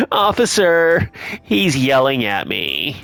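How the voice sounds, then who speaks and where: A man's voice: on the high side, huge pitch swings, extremely slow, creaky, fairly bright tone, faint music behind, pitched above the performer's own voice, heavily acted. A man voicing a bratty young girl who mocks and teases in a snickering way. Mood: teasing. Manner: mocking, snickering. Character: bratty teenage girl cousin, teasing.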